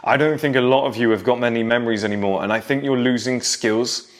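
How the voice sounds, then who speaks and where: A vlogger in his thirties talks casually to the camera at a quick pace, his mid-range voice steady in tone. He reminisces and lectures younger viewers about how things used to be.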